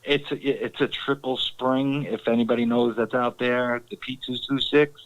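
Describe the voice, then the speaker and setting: A man on a live stream telling a story in casual chat, halting, with many restarts and fillers. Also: medium pitch, fairly even intonation, lo-fi sound. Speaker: guest.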